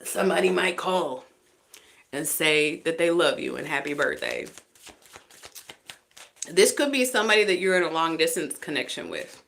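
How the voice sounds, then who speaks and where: A woman's voice: sits low, expressive, moderate pace, vocal fry, long pauses, fairly bright tone, a little hiss or hum. A woman reading tarot live, chatty and teasing, often laughing between cards. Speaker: tarot reader.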